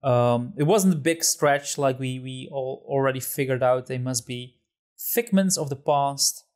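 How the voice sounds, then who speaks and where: Mid-pitched man hosting a podcast. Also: measured pace, a little mellow. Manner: steering the talk, agreeable, with frequent laughs and fillers. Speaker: podcast host. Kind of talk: casual podcast chat.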